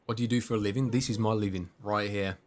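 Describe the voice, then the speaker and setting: A man from Birmingham with a light, mostly suppressed Brummie accent, chatting and reacting excitably while streaming a game. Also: lowish voice, fast talker. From Birmingham, England. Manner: excitable, chatty, shouts at big moments. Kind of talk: live gameplay commentary. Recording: noisy game audio under voice.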